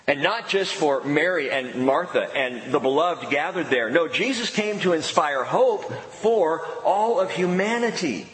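A man preaching a sermon in an emphatic way, with dramatic pauses and sudden drops to a hushed voice. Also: a little high, animated. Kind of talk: expository sermon. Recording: echoey hall with long reverb, faint background noise.

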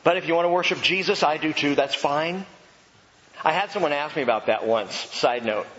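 Brief: male pastor, fairly high voice, emphatic, jokey sermon in a big echoey hall, dull lo-fi sound. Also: a little fast, slight background noise. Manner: animated, emphatic, joking asides.

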